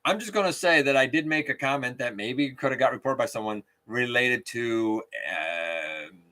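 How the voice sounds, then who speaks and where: Animated, bright-voiced man chatting live. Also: medium pitch, normal speed. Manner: chatty, reads viewer comments aloud, outspoken. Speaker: live stream host. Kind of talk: casual live-stream chat.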